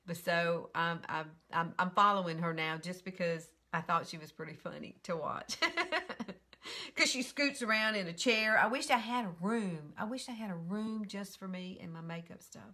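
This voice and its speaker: Older southern lady chatting thru a makeup live stream, giggly, bright lowish voice. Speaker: makeup tutorial host. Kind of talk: casual live-stream chat. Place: bedroom at home.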